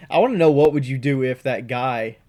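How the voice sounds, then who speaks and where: A man's voice: medium pitch, mellow. A man co-hosting a podcast in casual chat, mostly giving short reactions and dry teasing remarks. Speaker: podcast co-host.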